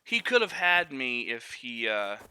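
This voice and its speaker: A male game streamer talks to his chat in a piercingly bright, edgy voice. He curses freely and bursts out in disbelief, then slips into loose, rambling explanations. A faint hiss of noise sits under his voice. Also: medium pitch, measured pace. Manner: profane, excitable outbursts, rambling explanations. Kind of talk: live gaming stream commentary to chat.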